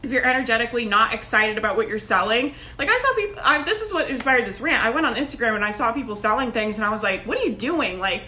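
A woman's voice: a little high, quick pace, hardly any pauses, a little hiss or hum. A woman, a business coach talking casually and energetically to her online group, laughing often. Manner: chatty and energetic, laughs often, says like and right a lot. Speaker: business coach hosting a Facebook group live video. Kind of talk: casual motivational live-stream talk.

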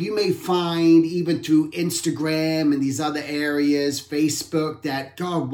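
A man giving an informal art talk, reflective and rambling, often correcting himself mid-sentence. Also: a little high. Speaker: art instructor. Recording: roomy echo.

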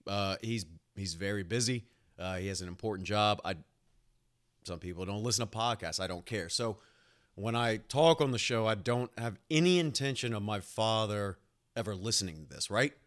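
A young man hosting his own podcast, rambling through a personal story in casual chat, animated and swearing freely, with lots of "like" and "uh.". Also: lowish voice, moderate pace. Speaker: podcast host and nurse.

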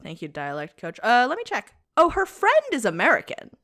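Lively-pitched woman, wry chatty co-host. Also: fairly quick. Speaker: podcast co-host. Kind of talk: casual film review chat.

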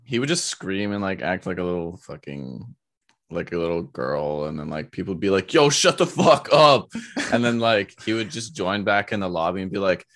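A man's voice: lively intonation, brisk. Young man co-hosting a joking podcast. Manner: laughing, joking, mocking squeaky voices. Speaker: podcast co-host. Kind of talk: casual chat.

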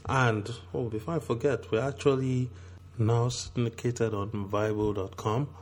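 A man's voice: mid-range voice, fairly even intonation, a little slow, darkish tone. A man with a sore throat hosting a podcast, talking in an upbeat, chatty way. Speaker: podcast host. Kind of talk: casual podcast talk.

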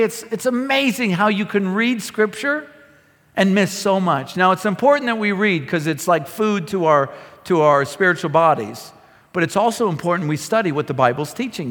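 Man, pastor, sermon, high voice, impassioned, reverberant church hall. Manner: impassioned preaching, rising loud on scripture. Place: church sanctuary. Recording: long reverb of a sanctuary.

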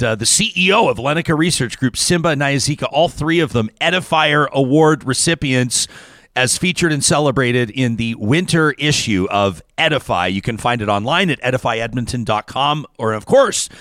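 A man hosting a radio talk show in a casual, eager way. He often repeats a word as he starts a thought. His voice sits at a middle pitch and sounds dry and close to the mic. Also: fairly bright tone, no echo. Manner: enthusiastic, repeats words when starting.

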